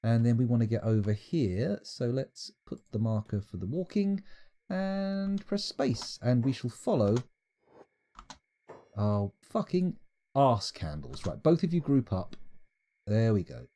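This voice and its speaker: A man's voice: mid-range voice, lively intonation, normal speed, dark tone. A man giving playful, rambling, self-mocking commentary while streaming a game live.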